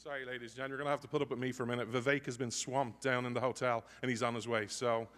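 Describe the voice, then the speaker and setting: A man's voice: medium pitch, level tone, racing, fairly bright tone. Male emcee, chatty joke-teller, stage mic, long hall echo. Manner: jokey, apologetic, chatty. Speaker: emcee filling time before a speaker. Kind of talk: joke-telling stage banter. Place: large conference hall. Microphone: stage microphone.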